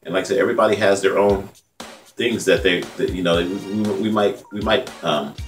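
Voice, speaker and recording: A deep-voiced independent journalist in his fifties from California hosts his own vlog at a moderate pace. His casual, rambling commentary is heartfelt, conversational and repetitive, with frequent "man" asides. The mic is distant, with faint music behind.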